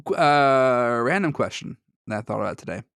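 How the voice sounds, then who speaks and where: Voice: mid-range voice, expressive, normal speed, creaky, smooth, no echo, clean studio sound. A podcast co-host in casual chat, rambling and cutting in on himself, laughing often.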